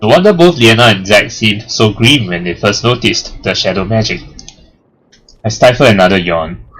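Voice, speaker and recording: Let's play host, male, lowish voice, casual, jokey, reads narration aloud. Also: moderate pace, soft background music. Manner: joking, laughs at the story, gets loud when excited. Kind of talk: reading game text aloud with casual commentary.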